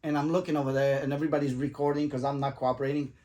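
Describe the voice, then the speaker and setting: Talking very fast in a slightly high voice, a man casually tells a funny story. He's animated, swears freely, acts out what people said and breaks into laughter along the way.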